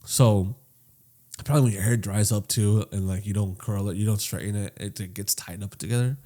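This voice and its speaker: A man co-hosting a casual podcast, telling a long story with lots of swearing, swinging between loud and quiet. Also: lowish voice, brisk. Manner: profane, animated storytelling that swings loud and soft. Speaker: podcast co-host.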